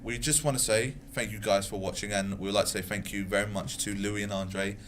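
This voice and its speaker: A low-voiced man hosts a film review show, throwing in quick quips and steering the chat to its close. His tone is casual and conversational. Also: fairly even intonation, fairly bright tone, slight background noise.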